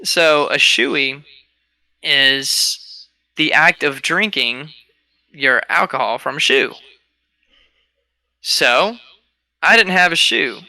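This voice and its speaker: Bright, animated young man telling stories. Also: fairly high pitch, slow pace, pauses often, no echo. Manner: animated storyteller, laughs often. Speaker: podcast co-host. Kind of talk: casual chat.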